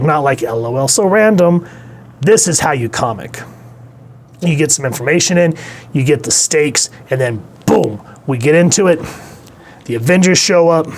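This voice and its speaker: A man's voice: medium pitch, a little hiss or hum. Rambling man reviewing comic books. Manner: rambling, conversational, with many fillers. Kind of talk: casual video review.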